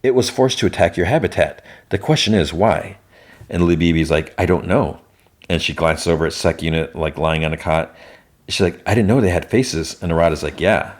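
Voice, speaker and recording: A very deep male voice carries this loose, leisurely podcast recap of a TV episode. The host often backs up to restart his sentences and casually quotes the characters mid-story.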